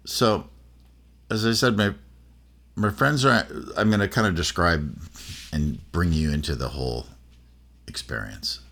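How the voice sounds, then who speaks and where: Casting note: middle-aged man, very deep, slow, husky, halting fireside storytelling. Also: fairly bright tone. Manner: rambling, halting, many fillers and restarts. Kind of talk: personal storytelling.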